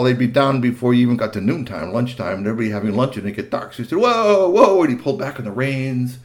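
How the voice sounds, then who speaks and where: A man telling a myth to children with chatty asides. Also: medium pitch. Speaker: storyteller. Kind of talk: animated storytelling for children.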